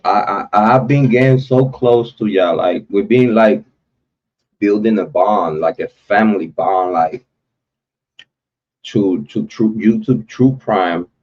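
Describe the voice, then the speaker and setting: Taking it slowly, a man with a lowish voice hosts a true crime livestream, chatting in repetitive slang and warmly shouting out viewers. The recording is muffled.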